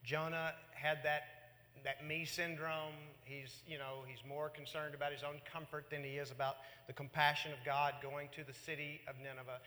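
A man preaching a sermon in an animated way, acting out the words of God and Jonah. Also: a little high, moderate pace, long reverb tail. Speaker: pastor.

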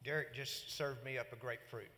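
Male pastor mid-sermon, lively delivery, very bright tone. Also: medium pitch, a little fast, long reverb tail. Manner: animated preaching, voices God and Jonah in quotes.

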